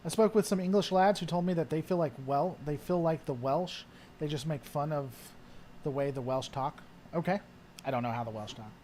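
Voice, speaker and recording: A man's voice: on the high side, a little fast, mellow, a little hiss or hum. Rambling man chatting casually. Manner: rambling, with frequent fillers and trailing thoughts. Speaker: host. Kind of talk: casual chat answering viewer questions.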